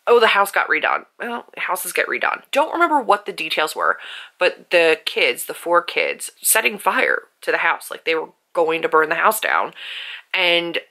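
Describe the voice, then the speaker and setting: A woman's voice: on the low side, very animated, unhurried, bright, forceful tone, rough recording. A woman talking casually on her vlog about a book she is rereading, chatty and openly emotional, often saying "like". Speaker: author and book vlogger.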